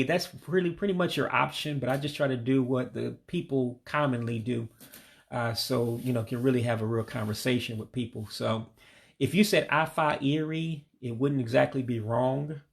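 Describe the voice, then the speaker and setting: A man with a gravelly, creaky voice walks through a casual vocabulary lesson. He says each word slowly and patiently, then lets his voice sink as he gives the English meaning. His pitch sits right in the ordinary middle for a man. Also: steady tone. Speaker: language learner teaching vocabulary. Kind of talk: casual spoken language lesson.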